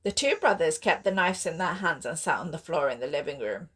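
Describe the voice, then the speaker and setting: A woman author reading her own sci-fi horror novel aloud in steady, expressive audiobook narration. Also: deep voice, a little fast, slightly rough.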